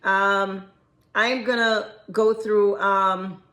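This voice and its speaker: A woman's voice: medium pitch, little pitch movement, extremely slow, fairly bright tone. A woman giving relationship advice in a casual chat to camera, frank and chatty, often breaking into giggles as she addresses viewers. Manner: giggly, keeps breaking into laughter.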